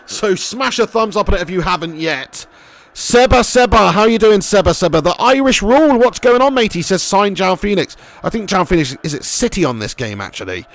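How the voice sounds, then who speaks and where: A young man live-streaming a football game, commentating excitably, swearing freely and chatting with viewers. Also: high voice, a little fast, no room sound.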